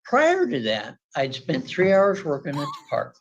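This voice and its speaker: A man testifying at a court hearing, telling his side with lively acted-out quotes of shouting. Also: on the high side, unhurried, muffled recording, a little hiss or hum. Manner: animated, acts out quoted shouting.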